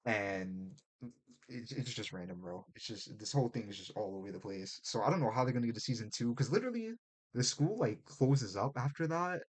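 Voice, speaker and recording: A man co-hosting a casual podcast, speaking at an ordinary middle pitch. He rants about a show's plot in loose, profane, animated chat. He drops into quick mock voices for the characters. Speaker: podcast co-host.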